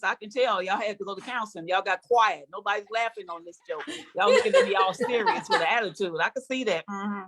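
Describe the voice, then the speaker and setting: A woman's voice: mid-range voice, sing-song, quick pace, few pauses. An older woman performing a sassy, conversational stand-up comedy set on stage before a live audience, teasing the crowd.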